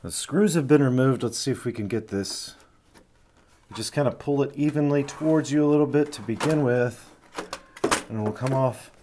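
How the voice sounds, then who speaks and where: A man hosting a hands-on repair walkthrough, explaining each step in a relaxed way with frequent fillers and restarts. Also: medium pitch, moderate pace, slight background noise. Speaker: retro electronics repair host.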